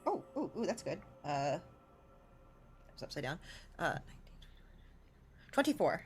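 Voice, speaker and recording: A woman plays a tabletop game, her voice swinging lively up and down in pitch. She talks in an excitable, animated way about what her character does. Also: takes it slowly, a little hiss or hum. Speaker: player.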